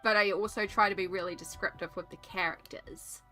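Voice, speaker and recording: Colouring at her art desk on stream, this young Australian artist talks casually and thinks out loud, wandering into rambling tangents. She speaks fairly quickly at a medium pitch, her tone steady, pushed and bright, with soft music in the background.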